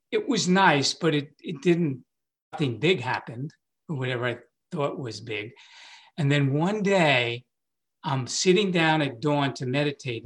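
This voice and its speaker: Laughing frequently, a man in his sixties who teaches meditation shares a personal story in a relaxed way, his voice leaping upward each time he quotes himself.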